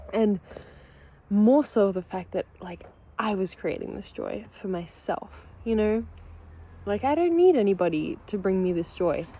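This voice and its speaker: A woman talks casually to her camera while eating breakfast at home. She is candid and swears freely, and she gets overwhelmed with happy emotion and laughs close to tears. Her voice sits at a medium pitch over a faint noise floor. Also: mellow, poor audio. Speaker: vlogger. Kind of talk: casual vlog chat.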